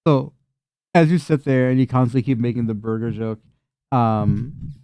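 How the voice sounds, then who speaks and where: A man's voice: medium pitch, fairly even intonation, normal speed, warm tone, clear, resonant tone, no echo, studio quality. A man narrating a tabletop game as game master, casual and rambling, often laughing.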